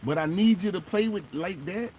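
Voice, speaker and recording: A man hosting a fan show, giving animated, emphatic casual commentary and talking straight to the players. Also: high voice, normal speed, slight background noise. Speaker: sports fan show host.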